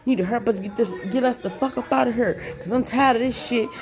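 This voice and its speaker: A woman imitating her blustering stepfather, loud and cursing as he complains. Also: fairly high pitch, fast talker, over music, voice pushed up, lightly acted. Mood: fed up. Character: angry hungry stepfather, blustering and profane.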